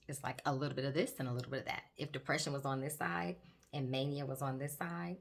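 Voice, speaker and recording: Chatty, gravelly-voiced woman host. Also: low-pitched. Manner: chatty, animated, addresses viewers directly. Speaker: host, psychiatric nurse practitioner. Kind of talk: casual educational chat while doing makeup. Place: home, doing makeup on camera.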